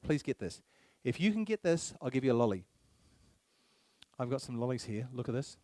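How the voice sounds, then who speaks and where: A man's voice: mid-range voice, very animated, a little fast, a little mellow, dry recording. A man giving a public speech to a live audience, emphatic, repeating key phrases and firing rhetorical questions at the crowd. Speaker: speaker at a public meeting.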